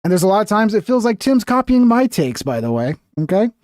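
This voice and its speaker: Male streamer, high voice, dry sound; blunt, profane, rambling. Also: sing-song, brisk, a little mellow, no echo. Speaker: livestream host. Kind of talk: casual livestream commentary.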